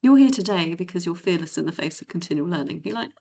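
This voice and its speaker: A woman's voice: fast talker, creaky. A middle-aged woman giving a motivational keynote as a confidence coach, talking casually and acting out cheery inner voices. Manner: animated, acts out inner voices in high cheery tones. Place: event hall or conference room.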